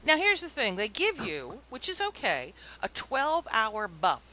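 A woman's voice: on the high side, huge pitch swings, measured pace, pushed and bright. A woman co-hosting a casual gaming podcast, playfully grumbling and laughing often. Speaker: podcast co-host.

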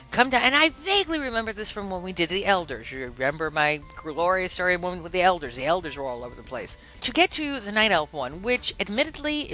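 A woman hosts a casual podcast, telling a story with lively swings in pitch and a bright, edgy tone. She acts out each quote in a different voice. Faint music plays under her. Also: rough recording. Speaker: podcast host.

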